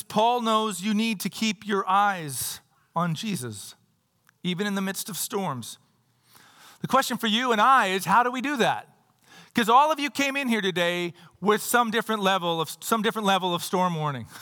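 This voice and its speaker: A man's voice: high voice, pushed and bright. A male pastor preaching a sermon in a church. He talks conversationally, reads scripture aloud, and adds playful asides. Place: church sanctuary. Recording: long hall reverb.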